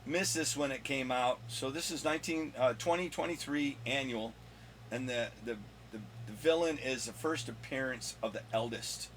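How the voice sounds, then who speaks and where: A man hosting his own video countdown of comic finds, rambling and joking with his son off camera, with a slightly hoarse voice. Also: medium pitch, normal speed, fairly bright tone, a little hiss or hum. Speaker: comic collector and channel host.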